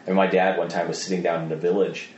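A man speaking as a guest in a conversational interview, an animated storyteller who acts out the voices of people in his stories. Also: low voice, quick pace, echoey room, slight background noise. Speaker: guest, missionary trainer.

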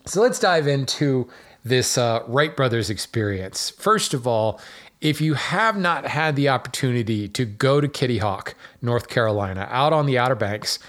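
A man hosts his own podcast in a relaxed, rambling solo talk, full of "um"s and wry asides at his own expense. His voice sits at an ordinary middle pitch for a man. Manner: chatty and digressive, with fillers and self-deprecating asides. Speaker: podcast host.

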